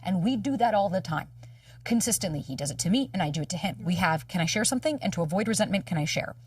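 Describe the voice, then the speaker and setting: A woman dating coach telling a personal story in candid conversation, animated and casually swearing as she acts out dialogue. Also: lowish voice, fast, breathy edge, no echo, distant mic. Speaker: dating coach and podcast guest.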